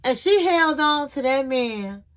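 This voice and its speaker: A woman's voice: sits high, expressive, a little slow. A woman hosting a casual reality TV recap, telling the story in a sassy, slangy way.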